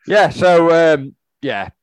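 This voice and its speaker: A man's voice: on the high side, no room sound. A man chatting casually about football as a podcast co-host, laughing often and restarting sentences. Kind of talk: casual chat.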